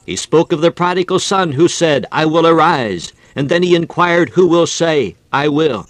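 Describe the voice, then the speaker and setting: A man's voice: on the high side, moderate pace, few pauses, dry recording. A man preaching a fervent sermon in an old-fashioned preaching cadence, telling stories and making appeals to his listeners.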